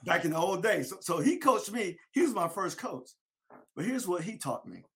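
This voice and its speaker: A man telling a lively story about his youth football days, acting out his old coach. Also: high-pitched, moderate pace. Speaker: former football player. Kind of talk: storytelling interview.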